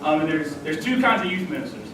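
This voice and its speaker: A young man in his twenties, a youth minister from Dallas, telling a lively, self-deprecating story to a youth group. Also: fairly high pitch, fast talker. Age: 20s. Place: church hall. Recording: echoey room from far off, noisy.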